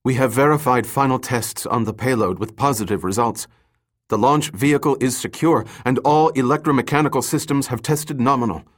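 A man's voice: mid-range voice, brisk, pitched above the performer's own voice, natural voice. A man voicing a nervous male launch engineer who gushes his report. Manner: nervous, gushing.

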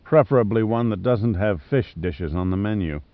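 A man's voice: on the low side, normal speed, dry recording, lightly acted. A male narrator voicing a worn-out, wisecracking sidekick who mutters wearily. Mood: wry. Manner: weary muttering, dry humor. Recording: slightly muffled dry studio.

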